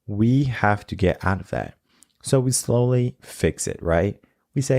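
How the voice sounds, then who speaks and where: A man's voice: lowish voice, expressive, measured pace, darkish tone, no room sound, clean studio sound. A man hosting a coaching podcast, talking casually and often checking in with "right?". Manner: conversational, often tags lines with "right?".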